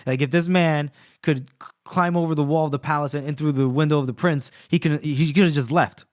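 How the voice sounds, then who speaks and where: A man's voice: fairly high pitch, steady tone, a little fast, dry recording, clean studio sound. Man recapping a book on a podcast. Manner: retells scenes, acting out lines. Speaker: podcast co-host. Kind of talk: casual book discussion.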